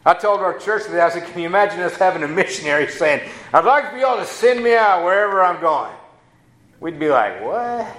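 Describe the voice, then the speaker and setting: A man with a drawl preaches in a loose, folksy way, tossing in casual asides. His voice sits a little high for a man. The sound carries a noticeable room echo. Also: a bit bright. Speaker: pastor. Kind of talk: sermon. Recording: echoey room.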